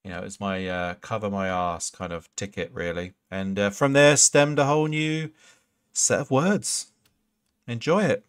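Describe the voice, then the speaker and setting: A man's voice: medium pitch, moderate pace, fairly bright tone. A man streaming a game live, chatting casually and rambling through answers to viewer questions. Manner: casual, swears freely. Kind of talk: live gameplay commentary and chat.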